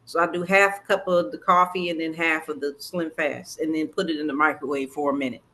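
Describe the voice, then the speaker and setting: A guest with a bright, forceful timbre joins a casual interview over a video call. They tell stories in an animated way and slip into other people's voices when quoting them. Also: mid-range voice, a little fast, slight background noise. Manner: animated storyteller who acts out quotes. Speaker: guest, sports superfan.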